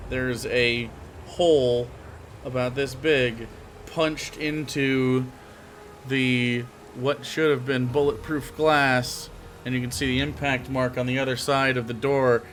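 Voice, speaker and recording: A man running a tabletop game as game master, describing scenes slowly with many fillers. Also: medium pitch, fairly bright tone, slight background noise.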